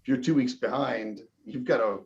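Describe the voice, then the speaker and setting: A man co-hosting a podcast, making a quick, matter-of-fact point in casual chat. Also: mid-range voice, highs cut off.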